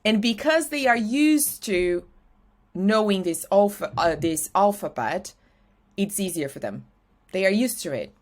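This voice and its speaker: A young woman from Brazil with a Brazilian Portuguese accent, a native Portuguese speaker teaching an English lesson with slides and slowing down to spell letters out clearly. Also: mid-range voice, expressive.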